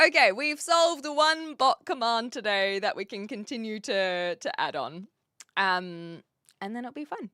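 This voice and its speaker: A woman's voice: a little high, lively intonation, measured pace, pushed and bright, no room sound, studio quality. Chatty New Zealand woman streamer. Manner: chatty, thinking aloud while setting up a chat bot. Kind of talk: casual live-stream chat. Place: home room with brick walls.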